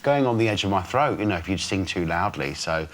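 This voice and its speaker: Chatty rambling man, somewhat low voice. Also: animated, brisk, a little hiss or hum. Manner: chatty and rambling, laughs often. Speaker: studio guest. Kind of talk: casual chat.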